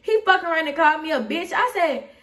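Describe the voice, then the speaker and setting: A woman's voice: very high-pitched, animated, fast, sharp tone, distant mic. A young woman with an Atlanta Southern accent, telling a rambling, candid storytime and asking "you feel me" again and again. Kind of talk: casual storytime vlog.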